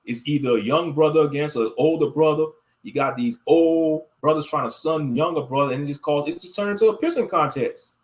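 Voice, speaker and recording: Blunt high-voiced man ranting on a livestream. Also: a little fast. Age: 30s. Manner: blunt, profane, rambling rant; addresses viewers directly as family. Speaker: livestream commentator. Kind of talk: casual livestream commentary.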